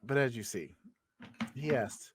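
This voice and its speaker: A man's voice: mid-range voice, animated, unhurried, background noise. A young man co-hosting a casual comedy podcast. He laughs often and makes up silly stories as he talks. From Florida. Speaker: podcast co-host.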